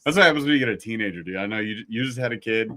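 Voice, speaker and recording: A man's voice: fairly low pitch, animated, racing, bright, forceful tone. A man in his thirties from Ohio, chatting casually as a podcast guest, laughing often and joking about himself. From Ohio, USA. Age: 30s. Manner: laughs often, self-deprecating, loose. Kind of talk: casual chat.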